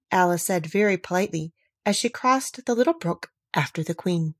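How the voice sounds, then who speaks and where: Woman, audiobook narrator, storybook reading, lively pitch, dry close sound. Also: normal speed, few pauses, dry recording. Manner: expressive, animated narration.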